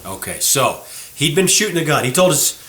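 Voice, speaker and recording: The host of a gunsmithing show, who owns the gunsmith shop, talks viewers through a gun's flaws in relaxed, explanatory chat from the workroom. His slightly high voice moves at normal speed, with reverb and a noisy background, and his manner is folksy and animated, calling viewers folks.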